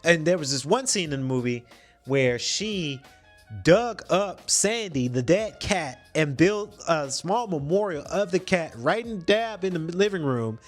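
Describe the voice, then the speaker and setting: A man hosting a podcast, casually retelling a movie plot in slangy, animated storytelling with some swearing. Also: fairly high pitch, a little slow, faint music behind. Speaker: podcast host.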